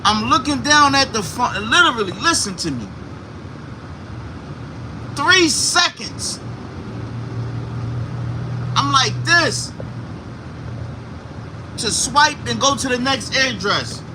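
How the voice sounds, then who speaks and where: A man on a livestream, talking from inside his vehicle while driving, telling a story in an animated, profane way with sound effects. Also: extremely high pitch, slow pace, pauses often. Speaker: livestream host. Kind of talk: casual storytelling. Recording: car noise in background.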